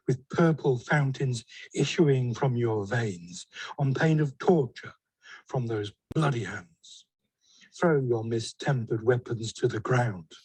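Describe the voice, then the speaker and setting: An actor playing a stern, commanding prince in a Shakespeare audio drama, declaiming verse in measured lines. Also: male voice, medium pitch, darkish tone, breathy edge, no echo, poor audio. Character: stern commanding male prince, ruler of the city.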